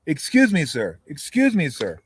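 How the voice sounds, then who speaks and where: A man's voice: a little high, wildly swooping pitch, moderate pace, husky, voice pushed up, full character voice. A man voicing a polite but insistent female flight attendant who keeps repeating her courteous request. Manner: repeats the same courteous phrase more and more urgently.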